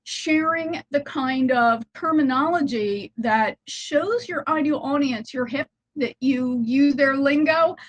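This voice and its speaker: A woman with a fairly high voice chats informally straight to her laptop from inside a house. She corrects herself now and then as she explains her ideas. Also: poor audio. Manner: chatty and informal, with small self-corrections. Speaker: content strategist. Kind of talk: casual talking-head video. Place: house, indoors. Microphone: laptop built-in mic.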